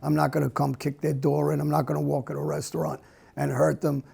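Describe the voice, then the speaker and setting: The speaker is a middle-aged man being interviewed candidly. His replies are blunt and halting, repeatedly broken off and restarted, delivered in a dark, husky, very gravelly voice that stays flat and narrow in pitch.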